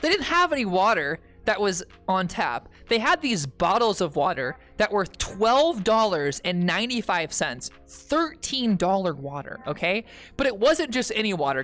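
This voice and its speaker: A woman streamer telling a long, rambling story to her chat, with frequent "okay?" asides and sudden loud outbursts. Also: medium pitch. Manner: bursts into loud shouting at punchlines.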